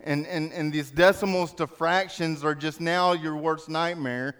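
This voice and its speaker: A man preaches in a smooth, resonant voice pitched a little high. He tells stories with animation and acts out the yelling crowds. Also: steady tone, unhurried. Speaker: speaker in a church service. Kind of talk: sermon with storytelling.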